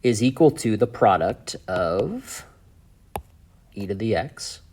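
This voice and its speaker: A man teaching a math lesson in a relaxed, chatty way, thinking aloud with fillers and asides. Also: on the low side, takes it slowly. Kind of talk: casual whiteboard lesson.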